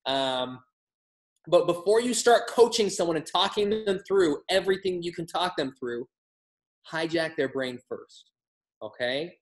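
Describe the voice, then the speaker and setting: A man giving a motivational training talk on wellness products, energetic and emphatic with a humorous streak. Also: on the high side, unhurried. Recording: roomy echo.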